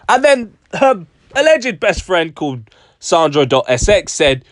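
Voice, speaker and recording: A man's voice: high voice, expressive, a little slow, no echo, studio quality. A man giving casual commentary for his vlog, sarcastic and full of slang. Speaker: YouTube commentator.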